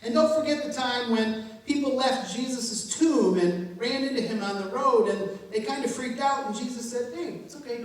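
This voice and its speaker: A woman's voice: a little high, darkish tone. Woman pastor, 50s, easygoing joking sermon, heard from far off in a very echoey church. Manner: conversational and humorous, with laughs. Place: church sanctuary. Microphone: distant room mic.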